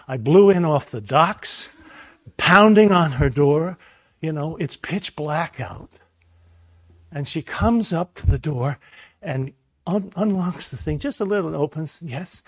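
A man preaching a sermon, telling a personal story in a lively way and acting out the voices in it. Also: fairly high pitch, no echo. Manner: animated storyteller, acts out voices.

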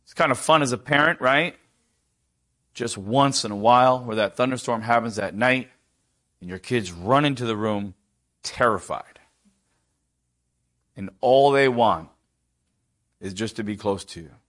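Middle-aged guy preaching a sermon, mid voice, goes quiet and soft on the tender bits, keeps asking the crowd questions. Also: mid-range voice, unhurried, long pauses. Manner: dynamic, drops to a near hush for quoted tender lines; asks the congregation rhetorical questions.

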